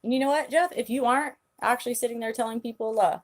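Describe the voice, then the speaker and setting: A woman's voice: a little high, quick pace, a little hiss or hum. A woman hosting her own channel, ranting bluntly on a live stream, angry and swearing heavily. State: angry, agitated. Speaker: channel host.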